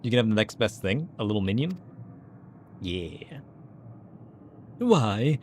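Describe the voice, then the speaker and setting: A man's voice: lowish voice, very animated, slow pace, a little mellow, slight background noise. A man streaming a game, joking and amused as he comments on it. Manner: joking, amused, mock-puzzled. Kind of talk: playful live game commentary.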